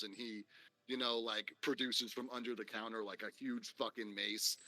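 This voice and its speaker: Man, game master, tabletop narration, rambling, many fillers, very bright voice. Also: on the low side, little pitch movement, normal speed, rough recording. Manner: loose, filler-heavy narration.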